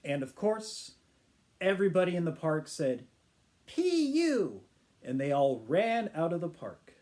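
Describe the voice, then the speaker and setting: A man, an English teacher, telling a children's story to learners in a playful, animated way. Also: fairly high pitch, moderate pace. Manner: animated, playful sound effects and voices.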